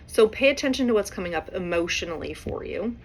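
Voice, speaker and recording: A woman hosting a podcast, talking through relationship advice in a relaxed, conversational way and often checking in with "right?". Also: medium pitch, fast talker. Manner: conversational, frequent "right?" tag questions. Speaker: podcast host and therapist. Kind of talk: casual advice monologue.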